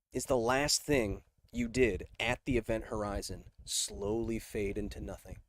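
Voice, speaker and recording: Animated man hosting a science livestream. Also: mid-range voice. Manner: energetic, joking, shifts between slow dramatic emphasis and quick asides. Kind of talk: casual livestream chat reading viewer questions.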